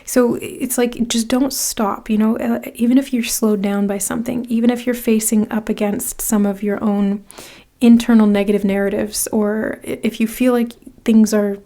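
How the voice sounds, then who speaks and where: A woman's voice: medium pitch, flat delivery, normal speed, mellow. A woman giving a casual pick-a-card tarot reading. She speaks straight to the viewer, rambling with many "like"s and restarts as she encourages them. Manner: direct second-person encouragement.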